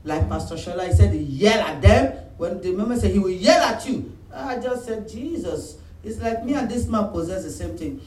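A pastor, preaching an animated sermon and acting out phone calls and voices of his church members. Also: high voice, normal speed, hardly any pauses. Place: church hall. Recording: roomy echo, mic at a distance, faint room noise.

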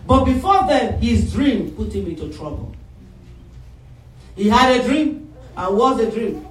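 A woman's voice: medium pitch, animated, normal speed, far from the mic, slight background noise. Fiery woman preacher in an echoey hall. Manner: emphatic, rising to shouts, call-and-response. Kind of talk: sermon.

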